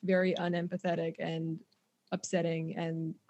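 A woman co-hosting a podcast, chatting with deadpan, playfully absurd humor and reading the outro. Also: fairly low pitch, normal speed, muffled recording. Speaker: podcast co-host. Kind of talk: casual chat and show outro.

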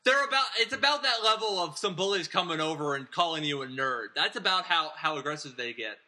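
Bright-voiced man rambling through a recap. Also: fairly high pitch, animated, fairly quick. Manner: rambling, digressive, chuckles mid-sentence. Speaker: podcast host recapping a film. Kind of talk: casual chat.

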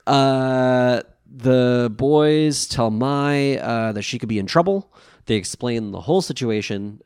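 A man's voice: fairly low pitch, smooth, no echo, studio quality. A man co-hosting a podcast, recapping an episode in casual chat, swearing and acting out quotes. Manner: animated, swearing, acts out quotes. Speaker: podcast co-host.

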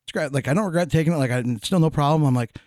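A man's voice: fairly high pitch, very fast, a little mellow, no room sound, clean studio sound. A middle-aged man telling stories in a casual chat, profane and laughing often.

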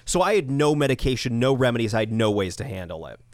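Young man, podcast co-host, animated, exasperated, cursing, dry close sound. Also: medium pitch, fast talker, no room sound. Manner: animated, swearing, exasperated storytelling. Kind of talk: casual storytelling chat.

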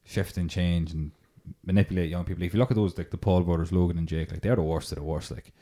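A man's voice: deep voice, steady tone, fast talker, dark tone. A young man in casual podcast chat, rambling with many fillers. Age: young adult. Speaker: podcast host.

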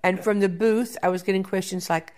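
A woman producer in an interview, telling backstage stories in a lively way and often repeating words as she thinks. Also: mid-range voice, a little fast. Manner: animated storyteller, repeats words while thinking. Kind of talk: interview conversation.

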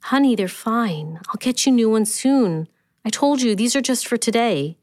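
A woman's voice: fairly high pitch, lively intonation, moderate pace, a little mellow, no room sound, pitched above the performer's own voice, close to an everyday voice. Anxious devoted young mother, pleading, slightly raised voice, dry, as a woman reads her. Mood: soothing.

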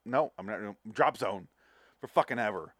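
A podcast host rambles casually about movies, full of profanity and jokes. His voice is on the low side with lively intonation, normal speed and a fairly bright tone, captured dry with studio quality.

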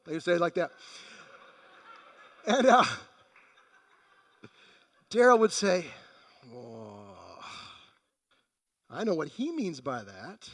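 A man's voice: high-pitched, sing-song, takes it slowly, pauses often, big-room sound. A man preaching a sermon in a conversational way, acting out the quoted voices in the passage. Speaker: pastor.

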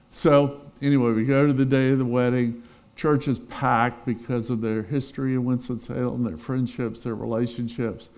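A middle-aged man preaching a sermon as pastor, telling a personal story with swings between loud emphasis and quiet, intense moments. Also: mid-range voice, steady tone, moderate pace, vocal fry.

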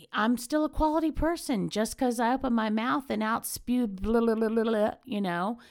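A woman's voice: a little high, creaky, no echo, clean studio sound. A middle-aged woman, hosting a casual motivational monologue as a chatty, candid, self-mocking storyteller. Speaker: podcast host.

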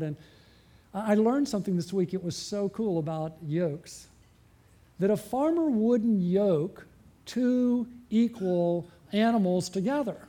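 High-voiced mellow pastor preaching. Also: male voice. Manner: asks the congregation frequent rhetorical questions; varies pace and loudness, slowing and dropping for emphasis. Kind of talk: sermon.

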